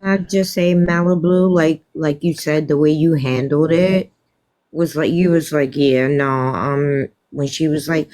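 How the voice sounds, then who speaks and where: A livestream co-host casually recapping events in an unhurried, supportive way. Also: medium pitch, darkish tone. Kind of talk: casual chat.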